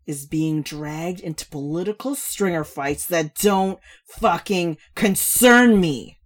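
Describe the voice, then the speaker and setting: A woman's voice: on the low side, slow, voice pushed up. A woman reading a story, voicing a brash, drunken young woman who slurs and hollers. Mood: drunken rant. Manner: slurring, loud, hollering.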